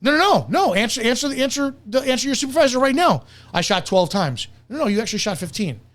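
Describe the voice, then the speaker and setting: A man's voice: very high-pitched, sing-song, racing, a bit bright. A man hosting reaction commentary, heated and profane, berating the person he is reacting to. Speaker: commentator and host.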